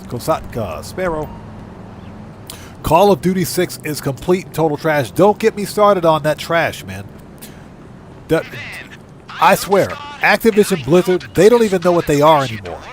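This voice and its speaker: A man's voice: a little high, very animated, moderate pace, long pauses, a little hiss or hum. A man hosting a live gaming stream, chatting casually, greeting viewers by name, and breaking into emphatic rants. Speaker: livestream gaming host.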